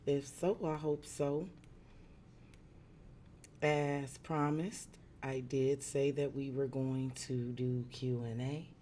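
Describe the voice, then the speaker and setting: Slow-talking woman chatting on stream. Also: extremely low pitch, fairly even intonation, slight background noise. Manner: chatty, greets viewers by name; drops into soft asides while fiddling with setup. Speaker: tarot reader. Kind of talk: casual live-stream chat.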